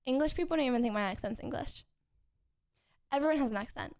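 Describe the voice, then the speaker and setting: A woman's voice: high voice, animated, moderate pace, darkish tone. A young woman streamer chatting casually with her viewers from home, rambling and giggling, with lots of restarts.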